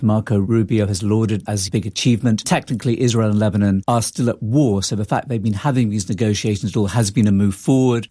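A man reporting on global affairs, explaining the news in a measured way. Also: lowish voice, mellow, no echo, clean studio sound. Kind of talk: news analysis.

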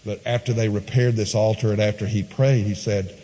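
A man preaching a sermon, retelling a scripture story with lively swings between quiet asides and high, excited quoted voices. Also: brisk, hardly any pauses, big-room sound, low-quality recording. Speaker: pastor.

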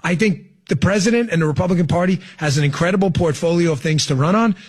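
A man's voice: high voice, fast talker, slightly rough. A man hosting political talk radio, sarcastic and emphatic, mocking what he hears. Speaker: radio talk show host.

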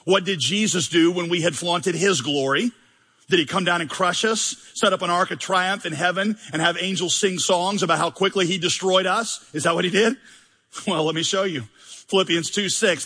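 Male pastor, high bright voice with a husky edge, humorous and emphatic sermon, long hall reverb. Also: normal speed. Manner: conversational, humorous, emphatic, rhetorical questions.

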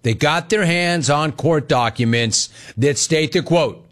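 A man hosting a sports talk show, ranting in a sarcastic, mocking, animated way. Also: on the high side, measured pace. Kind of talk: comedic sports commentary rant.

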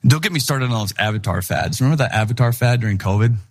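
A middle-aged man preaching a sermon in an animated, conversational way, acting out the people he quotes. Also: mid-range voice, fast talker. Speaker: pastor.

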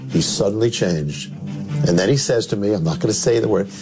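A man who is a minister tells a story in a sermon, dramatic, with sudden drops to low, emphatic tones. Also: brisk. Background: music.

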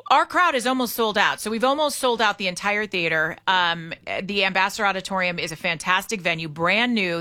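A woman's voice: medium pitch, pushed and bright. A woman hosting a morning talk radio show, upbeat and chatty with her guest. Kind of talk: casual talk radio chat.

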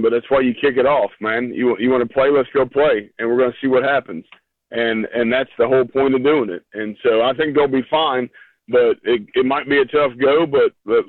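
A laid-back man weighs in as co-host on a sports talk show, halting and repeating himself as he talks. His mid-range voice comes through a tinny phone line, dry and close. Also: medium pitch, no echo.

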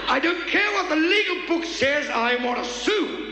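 A man voicing a brash, indignant young Australian woman patient who shouts in a shrill, coarse way. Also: very animated, rapid-fire, vocal fry, background noise, full character voice. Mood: outraged. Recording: roomy reverberant recording.

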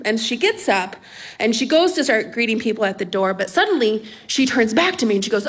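A young adult woman telling a comic personal story on stage at a live storytelling event, animated and laughing as she talks. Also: on the high side, fairly quick. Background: audience laughter.

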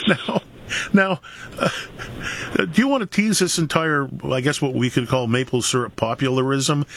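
A man's voice: mid-range voice, a little slow, pauses often, fairly bright tone, slight background noise. Canadian male radio host, playful, chuckling, asks long questions. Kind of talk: radio interview.

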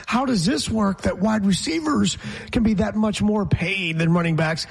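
A man's voice: high-pitched, normal speed, vocal fry, slightly rough. A man co-hosting a sports talk show, chatting casually and quizzing his co-host with opinions. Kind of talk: casual sports radio chat.

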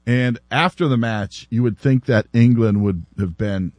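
A man hosting sports talk radio, animated and laughing as he repeats himself. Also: mid-range voice, unhurried, dry recording. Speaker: radio host.

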